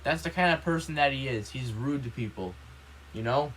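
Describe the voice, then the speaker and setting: A man's voice: medium pitch, normal speed, fairly bright tone, slight background noise. A man ranting in a casual vlog, rambling with constant fillers, indignant and swearing when upset. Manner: rambling, heavy use of "you know", repeats himself. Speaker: vlogger.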